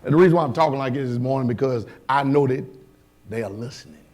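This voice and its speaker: A man preaching a sermon as pastor, talking in a colloquial way with rhetorical questions, dropping to low asides and rising to shouts. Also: fast talker.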